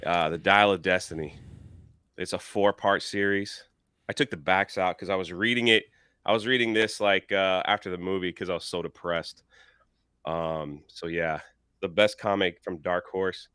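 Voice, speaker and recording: A man hosting a live stream, talking haltingly with many "uh"s. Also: deep voice, steady tone, pushed and bright, clean tone, no room sound, studio quality. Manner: halting, full of "uh". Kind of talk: casual live-stream chat.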